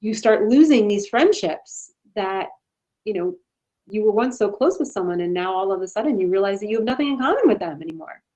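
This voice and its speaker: A woman's voice: mid-range voice, lively intonation, a little fast, warm tone, poor audio. A woman speaking as a podcast guest, encouraging and reflective in casual conversation.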